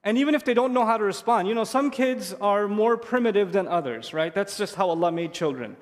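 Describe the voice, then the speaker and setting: High-voiced man lecturing in a reverberant hall. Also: fairly quick. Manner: lively storytelling, acts out a child's voice. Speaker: Islamic speaker. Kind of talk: lecture to parents.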